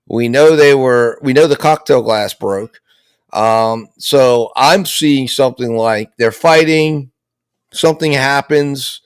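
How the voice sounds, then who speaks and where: A man's voice: medium pitch, no room sound, studio quality. A man giving casual, rambling commentary on a criminal trial, with lots of restarts and repeated words.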